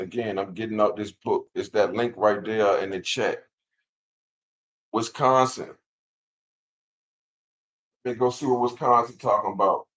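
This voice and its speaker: Over a rough recording, a man with a fairly bright voice on the low side hosts an informal livestream. He reads legal text out loud and chats back to viewers in a relaxed style, leaning heavily on repeated words.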